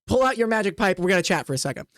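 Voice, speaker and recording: Scheming woman benefactor, coaxing, low voice, dry close sound, as a woman puts her on. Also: expressive, rapid-fire, a bit bright, no room sound.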